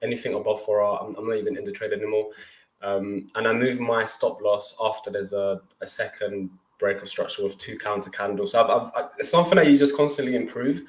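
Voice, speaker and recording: Young male trading co-host, lower pitch, excitable, self-correcting; roomy echoey sound. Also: brisk. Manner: energetic, often restarts sentences. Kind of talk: casual livestream talk.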